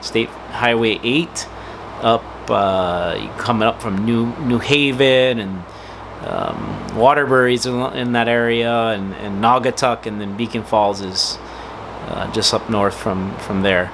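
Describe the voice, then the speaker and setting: A man's voice: fairly low pitch, expressive, slow, gravelly, noisy background. A man hosting his own channel, telling a casual family-name story with lots of fillers and restarts. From United States. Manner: rambling, with many fillers and restarts. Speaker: host of a personal video channel.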